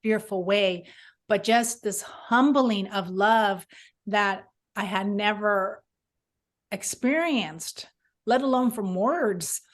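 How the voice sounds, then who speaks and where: A woman's voice: mid-range voice, takes it slowly. A middle-aged woman from Southern California, an author telling her personal faith story in an interview, earnest and rambling, with many restarts. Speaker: author guest.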